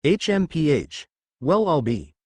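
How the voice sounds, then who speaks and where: A man's voice: fairly high pitch, sing-song, a little slow, dry recording, clean studio sound, pitched above the performer's own voice. A man voicing an earnest young male student hamming it up as a gloating cartoon villain with theatrical gasps.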